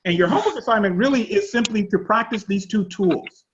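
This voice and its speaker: A man's voice: high-pitched, fairly quick, slight background noise. Man pastor telling stories over a call. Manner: chatty, animated storyteller. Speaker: pastor and teacher. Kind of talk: teaching an online class. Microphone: video call. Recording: dull lo-fi online call audio.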